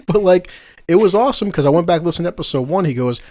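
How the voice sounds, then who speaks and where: Fast-talking profane male podcast host. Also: on the high side, expressive, a little mellow, slight background noise. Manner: profane, heated ranting. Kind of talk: casual podcast chat.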